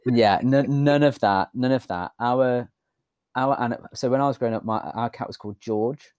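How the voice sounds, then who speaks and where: A man's voice: medium pitch, moderate pace, darkish tone, clear, resonant tone, dry recording. Understated British man telling a rambling story. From United Kingdom. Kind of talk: casual chat.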